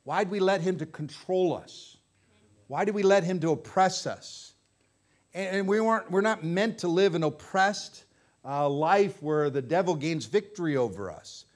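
A man's voice: high-pitched, lively intonation, a little slow. A pastor preaching a sermon with fervor, repeating phrases for emphasis before his congregation. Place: church sanctuary.

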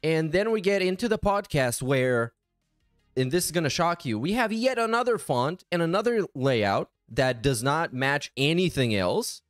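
A man's voice: fairly high pitch, animated, normal speed, no room sound, studio quality, faint music behind. A man hosting a casual reaction commentary, sarcastic, profane and exasperated. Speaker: commentary channel host.

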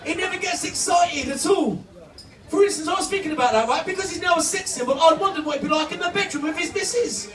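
A man doing live stand-up comedy, loud and punchy, shouting to reach the crowd. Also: very high voice, fast. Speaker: comedian and impressionist. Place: holiday park entertainment stage. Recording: echoey room, from far off, music and crowd.

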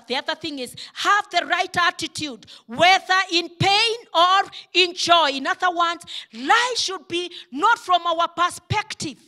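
A woman's voice: high voice, sharp tone. A woman pastor preaching a sermon, fervent and building to impassioned pleas.

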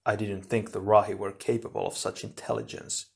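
A man voicing a cold, aloof male ice hero who speaks grimly and quietly. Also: normal speed, close to an everyday voice. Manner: grim, low and quiet.

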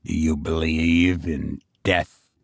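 A gravely ill old banker speaks in a low, commanding voice, slow and blunt, as the narrator plays him. The storybook reading is close and dry, with no room around it. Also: male voice, steady tone, no room sound, full character voice. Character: dying old male banker, stern and commanding.

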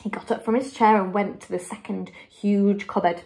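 A woman with an English accent, a primary school teacher, reading a children's book aloud to her class in a clear, expressive storytelling manner. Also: mid-range voice, moderate pace.

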